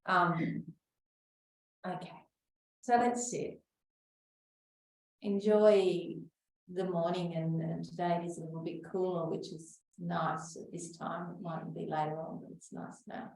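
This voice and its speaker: A woman teaching a back-care class, calmly cueing slow breaths and sometimes dropping to a whisper. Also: on the low side, gravelly. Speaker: exercise class instructor. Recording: echoey room, voice from far off the mic.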